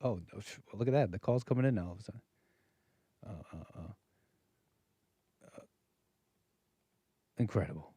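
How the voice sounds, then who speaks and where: A man's voice: lowish voice, expressive, normal speed, long pauses, warm tone, breathy edge, no room sound. A man hosting his own live call-in stream, chatting casually with viewers and jumping from topic to topic. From United States. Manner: chatty, jumps between topics. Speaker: livestream host.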